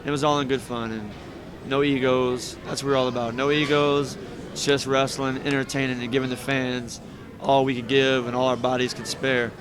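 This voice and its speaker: A man's voice: mid-range voice, level tone, normal speed, crowd noise. A man, a professional wrestler, telling rambling, heartfelt stories with laughs between them in a casual interview.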